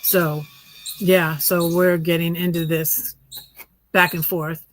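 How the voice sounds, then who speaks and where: This woman tells a rambling, casual story from her tiny house vlog, full of wry sarcasm, frequent restarts, and lots of fillers. She speaks slowly in a fairly low, level voice, and the rough recording carries a little hiss or hum.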